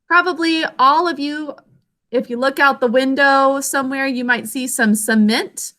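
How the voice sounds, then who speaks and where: A young woman teacher leading an online spelling lesson over a video call, clear and encouraging. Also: high-pitched, steady tone, moderate pace, sharp tone.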